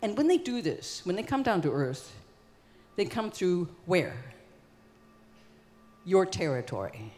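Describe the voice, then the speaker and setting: An ancient male poet with a pushy salesman's pitch rings out across a concert hall, as a woman storyteller puts him on. He sits somewhat higher than the teller's own voice, and a long reverb trails each phrase. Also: very animated, unhurried, pauses often, a little mellow. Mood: eager pitch. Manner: eager, pushy salesman talk. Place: concert stage.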